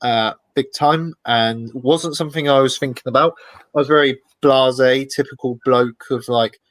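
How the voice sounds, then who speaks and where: A man, the guest in an interview, telling lively anecdotes in a casual way and acting out the voices of people he quotes. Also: medium pitch, moderate pace, no room sound, rough recording. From Britain. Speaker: expedition guest.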